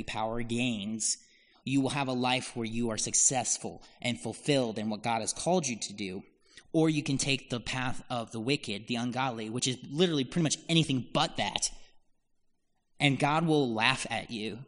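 Preacher in a reverberant hall. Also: male voice, mid-range voice, fairly bright tone. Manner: earnest teaching, voices God's words with emphasis. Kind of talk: sermon on a psalm.

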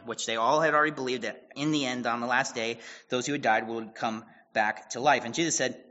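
A man's voice: medium pitch, steady tone, brisk, few pauses, sharp tone, highs cut off. A man as pastor giving casual Bible teaching, retelling scripture in a conversational way with quoted dialogue and asides.

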